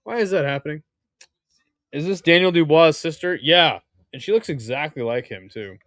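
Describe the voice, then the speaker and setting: A young man hosting a casual live-stream watch party, crude and excitable, joking with his chat. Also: fairly high pitch, normal speed, no echo, clean studio sound.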